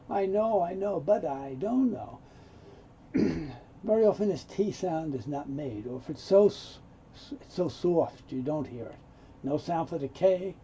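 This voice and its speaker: A man's voice: high voice, dark tone, slight background noise. A man teaching English pronunciation, explaining dropped sounds and acting out example lines in an offended tone. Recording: dull lo-fi sound.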